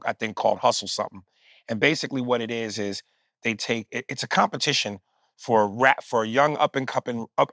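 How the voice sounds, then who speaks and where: A man with a New York accent tells a story in a lively, animated way, dropping profanity as he goes. His voice sits in a mid range, and it is recorded dry and close. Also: mid-range voice, dry recording. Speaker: podcast guest, comedian. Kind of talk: casual conversation.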